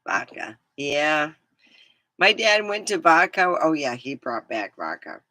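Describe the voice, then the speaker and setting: A woman's voice: deep voice, very animated, slow, pushed and bright, no room sound. A middle-aged woman vlogging, telling a rambling story in a casual, giggly way. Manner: rambling, giggly, breaks into laughter.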